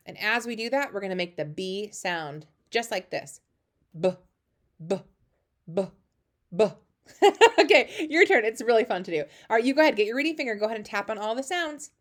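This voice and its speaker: Encouraging woman teaching phonics to kids. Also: fairly high pitch. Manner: encouraging, lively, sing-song praise. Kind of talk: phonics lesson for young children.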